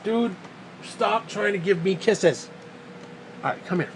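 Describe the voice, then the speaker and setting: A man's voice: a little high, lively intonation, measured pace, background noise. Profane ranting man vlogger. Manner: crude, profane, exasperated ranting. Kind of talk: casual rant to camera.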